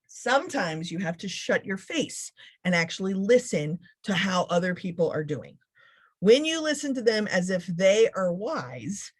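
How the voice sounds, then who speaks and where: A woman's voice: lowish voice, husky. Sarcastic, funny woman giving a keynote. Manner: sarcastic, funny, animated delivery. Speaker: keynote speaker. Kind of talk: motivational keynote talk.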